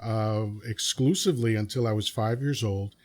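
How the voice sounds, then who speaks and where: A man's voice: fairly low pitch, normal speed, darkish tone. Easygoing New York man hosting a podcast. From Dominican Republic. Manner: easygoing, talkative storyteller. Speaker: podcast host. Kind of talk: casual interview chat.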